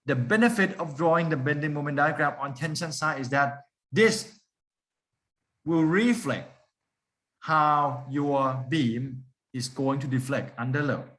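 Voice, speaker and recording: A man's voice: fairly high pitch, unhurried, a bit bright. A man lecturing a class, often stopping to put questions to the students and repeating key points for emphasis.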